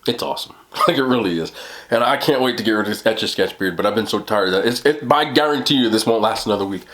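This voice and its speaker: Weary male vlogger with a New York accent and a low voice, rambling to camera with self-deprecating laughs. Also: quick pace, a bit bright, a little hiss or hum. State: tired. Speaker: mukbang vlogger. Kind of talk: casual late-night rambling to camera.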